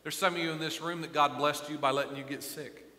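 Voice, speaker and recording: A middle-aged male pastor preaching a sermon with passion, moving from quiet remarks to loud emphatic lines. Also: a little high, steady tone, fast talker. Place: church sanctuary. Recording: echoey church hall.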